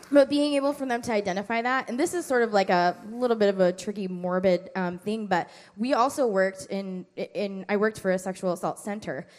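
Lively woman talking to a parent group. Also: big-room sound. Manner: animated storytelling, acting out children's high-pitched replies. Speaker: parenting class speaker. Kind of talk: informal talk to a parent group.

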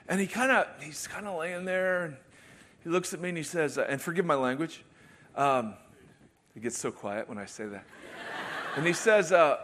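A pastor in his thirties preaches a sermon in a church auditorium, his voice sitting high, a bit bright, at normal speed. Between Bible passages he drops wry, self-deprecating jokes, and the church hall is reverberant.

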